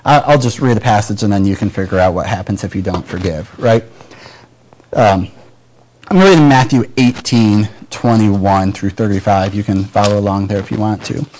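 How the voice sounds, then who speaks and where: A man's voice: on the low side, normal speed, a little mellow, a little hiss or hum, poor audio. A man from Michigan with a Midwestern American accent, preaching a sermon in a conversational way and acting out little everyday dialogues. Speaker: pastor.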